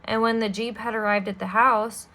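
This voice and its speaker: A woman reading a children's novel aloud as a storyteller, steady and expressive, with small asides to the listener. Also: on the high side, normal speed, poor audio.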